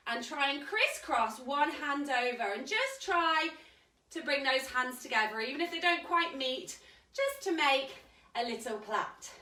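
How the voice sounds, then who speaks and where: High, lively woman leading kids yoga. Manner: cheerful, encouraging instructions. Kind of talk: live kids yoga class with story reading. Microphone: live stream camera mic at a distance. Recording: echoey room, mic at a distance.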